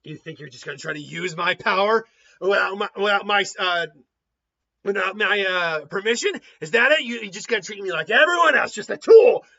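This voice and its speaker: A man's voice: very high-pitched, normal speed, pushed and bright, no echo, dull audio, pitched above the performer's own voice, heavily acted. A man voicing a spiteful, proud male sand spirit that sneers and strains its voice. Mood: resentful.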